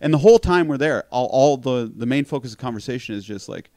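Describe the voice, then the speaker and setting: A man telling a long story in casual conversation, animated, swearing freely and laughing at his own account. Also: medium pitch, quick pace, dry recording.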